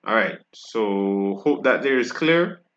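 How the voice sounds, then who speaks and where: Barbadian man, French teacher, slow-paced, low voice, dull lo-fi recording. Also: expressive, fairly bright tone. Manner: explains patiently, with frequent tag questions. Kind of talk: casual video lesson.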